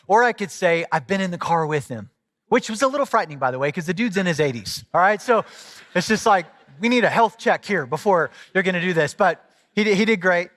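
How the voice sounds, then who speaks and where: Animated pastor man preaching in a big hall. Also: high-pitched, a little fast. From Southwest Missouri. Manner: conversational, animated storytelling with asides. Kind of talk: sermon. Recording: long hall reverb.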